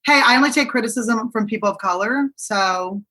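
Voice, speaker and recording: Woman, 30s, comedian guest; frank and sweary, bright voice. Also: a little fast. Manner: candid, swearing, drops low and quiet at the ends of thoughts. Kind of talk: casual chat.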